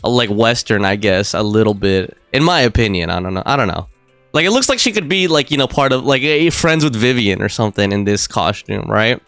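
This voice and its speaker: A man's voice: on the low side, lively intonation, brisk, a bit bright, dry recording, soft background music. A man streaming a game live, chatting casually and rambling with lots of fillers and frequent laughs. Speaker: gaming streamer. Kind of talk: casual live gameplay commentary.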